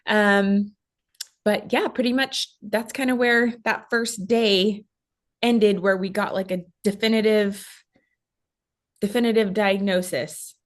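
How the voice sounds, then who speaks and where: A woman in her thirties, a guest mother retelling a traumatic hospital week, talking quickly with many fillers and acting out what others said. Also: medium pitch, steady tone. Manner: fast storytelling with many fillers, acting out quoted voices. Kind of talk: emotional personal recount.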